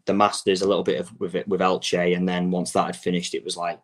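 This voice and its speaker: Deep-voiced young Englishman. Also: monotone, quick pace. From England. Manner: rambling, many restarts and "like" fillers. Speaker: guest, soccer coach. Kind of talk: casual interview talk.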